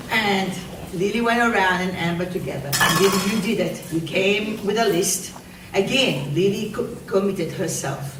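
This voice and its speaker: A woman teacher giving an award speech at a school ceremony, telling a story with halting restarts. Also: medium pitch. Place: school hall. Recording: echoey room, distant from mic, faint noise.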